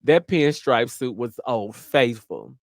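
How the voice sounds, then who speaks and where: A man's voice: mid-range voice, takes it slowly, no echo, clean studio sound. Brash, sassy male storyteller. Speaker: host. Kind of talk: casual storytelling.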